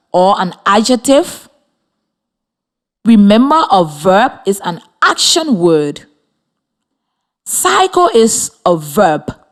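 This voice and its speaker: Woman radio teacher from Liberia, slow and clear, lively rising pitch, encouraging. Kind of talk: scripted radio lesson for children.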